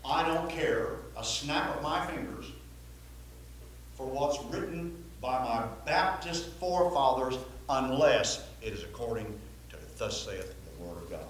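Here a man with a mid-range voice preaches to a Baptist congregation at a slightly slow but animated pace. He repeats himself emphatically and keeps asking the listeners questions, in a very echoey hall with faint ambience.

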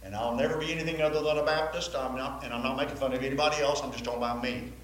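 A man's voice: mid-range voice, steady tone, rapid-fire, a bit bright. Guy preaching, punchy and repetitive, keeps asking the crowd questions, big echo, faint hum behind. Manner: emphatic, repetitive, asks the congregation questions. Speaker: Baptist preacher. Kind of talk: sermon. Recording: very echoey hall, faint ambience.

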